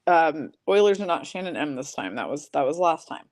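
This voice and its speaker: A woman with a somewhat low voice hosts a live-streamed card break. She reads off player names and teams in a steady run and drops in casual, chatty asides to viewers. Her throat sounds a little rough, and she coughs and clears it now and then. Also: a little fast, no echo.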